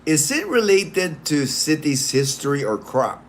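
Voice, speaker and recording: A man's voice: fairly high pitch, big pitch swings, measured pace, slight background noise. A man hosting a casual livestream, rambling with many fillers and restarts as he greets viewers by name. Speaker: livestream host.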